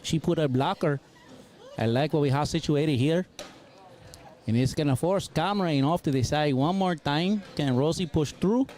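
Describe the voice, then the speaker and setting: A man's voice: on the high side, normal speed, a little hiss or hum, close to an everyday voice. A man putting on a hammy Mexican-accented sportscaster. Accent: put-on Mexican. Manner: playful, exaggerated excitement. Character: hammy male Mexican play-by-play commentator. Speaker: cornhole commentator. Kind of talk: comic play-by-play commentary.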